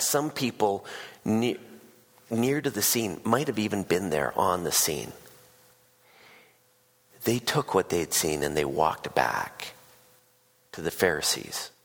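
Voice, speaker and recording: Gravelly man preaching in a hall. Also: low voice. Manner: casual storytelling, animated voices for quoted people. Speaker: pastor. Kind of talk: sermon.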